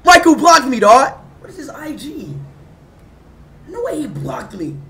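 A young man livestreaming, talking loudly and excitably to his chat, often shouting. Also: very high-pitched, a little slow. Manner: loud, excitable, shouts and laughs a lot.

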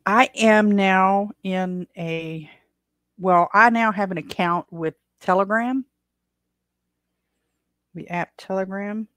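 A woman's voice: mid-range voice, slow pace, pauses often, fairly bright tone, dry recording. A woman from the United States hosting her own podcast, chatting casually on her own and rambling with many fillers and restarts. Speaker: podcast host. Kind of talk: casual solo chat.

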